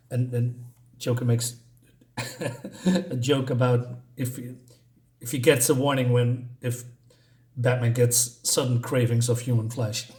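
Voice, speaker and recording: A man reviewing a comic book in a casual, rambling way, full of fillers and small chuckles. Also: medium pitch. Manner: rambling, hesitant, many fillers; chuckles between points.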